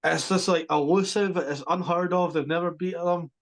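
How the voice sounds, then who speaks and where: Animated man, higher voice. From Scotland. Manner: animated, emphatic, quick restarts. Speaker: podcast co-host. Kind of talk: casual sports chat.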